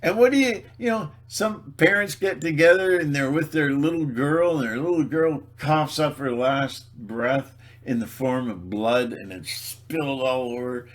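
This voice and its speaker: A man in a rambling solo video monologue, sarcastic and mocking, laughing at his own jokes and stumbling over repeated words. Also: mid-range voice. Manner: halting, repeats words and restarts. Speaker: video blogger.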